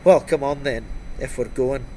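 A man's voice: mid-range voice, moderate pace, dark tone, slight background noise, lightly acted. A man voicing a scared, sarcastic young male informant who swears and complains in agitation.

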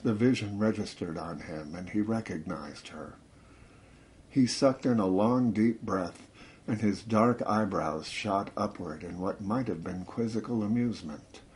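A man narrating a novel in a measured, steady reading. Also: lowish voice, slight background noise. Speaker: audiobook narrator. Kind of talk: scripted narration.

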